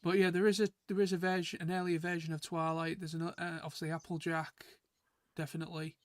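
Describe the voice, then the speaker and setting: Guy rambling on a chat stream, kinda high voice, stumbles a lot, dry close mic. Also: little pitch movement, fast talker, dry recording. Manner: rambling, chatty, stumbles and repeats words. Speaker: stream co-host.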